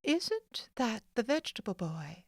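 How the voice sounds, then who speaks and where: Woman putting on haughty society mother, cold, scornful, sharp, lively pitch, dry sound. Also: measured pace, no echo, full character voice. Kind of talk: audiobook character voice.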